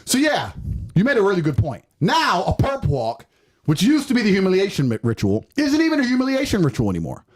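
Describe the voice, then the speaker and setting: Preachy high-voiced man lecturing. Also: wildly swooping pitch, fairly quick. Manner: preachy, mock-lecturing delivery. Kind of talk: casual chat.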